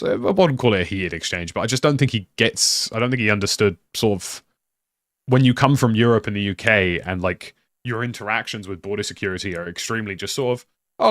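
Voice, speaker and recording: A young British streamer talks in a loose, rambling way, stacking up "like" and restarting his sentences. His voice sits fairly low. The sound is dry, with no room echo. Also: a bit bright. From United Kingdom. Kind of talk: casual live-stream chat.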